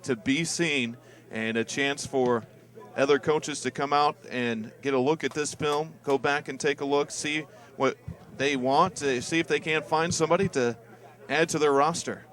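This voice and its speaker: A man giving relaxed color commentary on a football game with dry, joking asides. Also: on the high side, moderate pace. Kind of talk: live sports webcast commentary.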